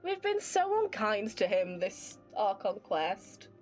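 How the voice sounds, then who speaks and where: A woman with a mid-range voice streams a video game live, speaking slowly as faint music plays behind her. She reacts aloud and expressively to the story, chats with her audience, and slips into baby talk with her pet during the gameplay commentary.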